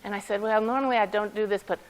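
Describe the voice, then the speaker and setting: A woman, a medium, telling lively personal stories to a conference audience, often laughing as she speaks. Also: medium pitch, fast, rough recording. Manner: animated anecdotes with frequent laughter. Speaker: medium giving a talk. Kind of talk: storytelling talk to an audience.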